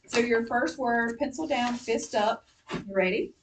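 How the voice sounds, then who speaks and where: A woman's voice: a little high, unhurried, distant mic, a little hiss or hum. A woman teacher giving a spelling lesson to young pupils, patient and directive, walking them step by step through each instruction. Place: classroom.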